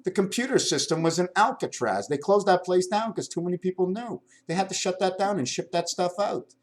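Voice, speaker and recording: Older man, somewhat high voice, rambling home vlog, stream-of-consciousness talk, showing items to the camera. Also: fairly quick. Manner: wandering stream-of-consciousness talk, jumping between topics; shows items to the camera while talking. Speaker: vlogger.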